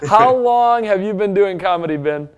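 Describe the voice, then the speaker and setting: A man from the United States hosting an upbeat promotional interview, jokey and energetic. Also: high-pitched, normal speed, clean tone, dull audio. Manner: jokey, energetic, plugs products. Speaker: interview host.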